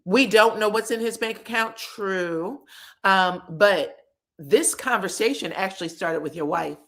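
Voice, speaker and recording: A woman's voice: mid-range voice, a little slow, a bit bright. A woman giving sassy, chatty commentary on reality TV gossip, talking straight to her viewers. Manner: sassy, chatty, calls viewers "child" and "girl". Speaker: pop culture commentator.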